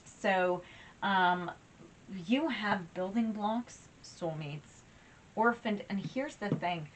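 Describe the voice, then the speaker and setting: A tarot reader with a mid-range voice gives a relaxed, talkative reading at a slow pace, turning emotional and slightly teary. She's warm and chatty, with plenty of fillers and restarts, and the rough recording carries a little background noise.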